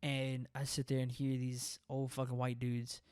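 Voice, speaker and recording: A young man hosting a podcast, telling a story in casual, profane chat, animated and often breaking into laughter. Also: medium pitch, moderate pace, clear, resonant tone, no room sound, clean studio sound. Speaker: podcast host.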